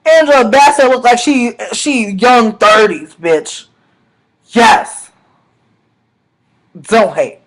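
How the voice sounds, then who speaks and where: High-pitched animated man, casual storytelling. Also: slow, pauses often, poor audio. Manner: animated, profane, slangy, swings between loud bursts and mutters. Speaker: vlogger.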